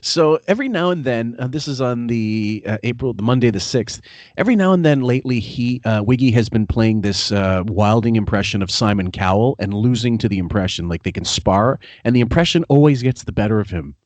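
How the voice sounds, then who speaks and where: A Canadian-raised man hosting a casual podcast who rambles and swears bluntly. His voice sits at a middle pitch. The recording is dry and close. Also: animated, fairly quick, darkish tone, dry recording. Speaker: podcast host.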